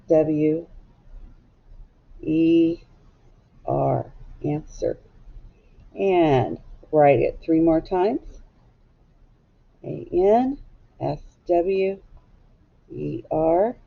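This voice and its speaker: Slow, gravelly-voiced woman teaching phonics. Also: deep voice. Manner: slow, deliberate spelling out of letters and sounds. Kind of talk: recorded phonics lesson for young children. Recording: dull lo-fi recording.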